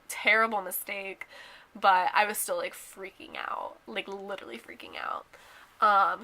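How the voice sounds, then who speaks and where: A woman's voice: medium pitch, bright, forceful tone. A young woman telling a casual storytime vlog, chatty and full of "like" and "um", sounding a little under the weather. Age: young adult. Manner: chatty, many "like"s and "um"s, drops to a whisper at times. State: sick and nauseous. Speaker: vlogger.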